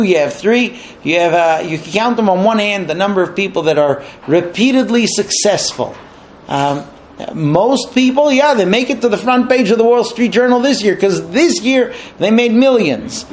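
High-voiced man telling a sermon story. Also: a little hiss or hum. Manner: animated, lively storytelling.

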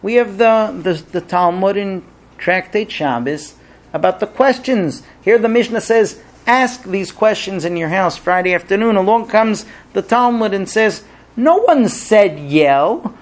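A man teaching a religious class to a live audience, telling stories and acting out the characters with big jumps in his voice. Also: moderate pace. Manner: animated storyteller, acts out characters with big pitch jumps. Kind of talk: Torah class with told stories.

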